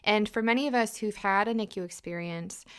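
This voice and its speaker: Woman, podcast co-host, smooth clear voice, bubbly, laughs a lot. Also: medium pitch, a little fast. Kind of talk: casual podcast chat.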